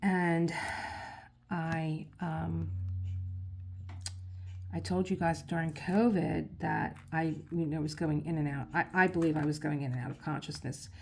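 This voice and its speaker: A woman's voice: deep voice, fairly even intonation, a little slow, gravelly, pauses often, a little mellow. A woman vlogger chatting casually to her viewers as she works on a diamond painting, rambling and talking to herself along the way. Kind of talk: casual chat while crafting.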